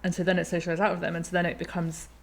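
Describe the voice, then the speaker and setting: A woman in her thirties hosting a conversation, thoughtful and quick to laugh. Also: fairly low pitch, level tone. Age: 30s. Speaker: podcast host. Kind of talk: reflective conversation.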